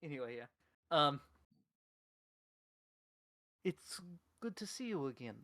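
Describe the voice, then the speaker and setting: A man voicing a nervous, on-edge man in a tabletop game, speaking slowly with many hesitations. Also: a little high, big pitch swings, sharp tone, dry recording, full character voice. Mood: uneasy. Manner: measured, hesitant with fillers. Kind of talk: tabletop role-play voice.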